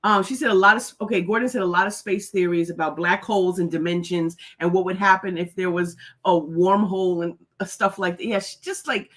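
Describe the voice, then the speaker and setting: A woman's voice: fairly low pitch, fairly even intonation, brisk, hardly any pauses, a bit bright. A middle-aged woman hosting a casual live stream, chatty and laughing often as she greets viewers by name. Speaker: host.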